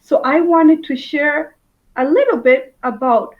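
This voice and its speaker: A woman guest author from the United States talks in a friendly, easy way. Her voice sits a little high and comes through a dull, lo-fi video call line. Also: measured pace. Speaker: children's book author, guest. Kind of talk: casual video call chat.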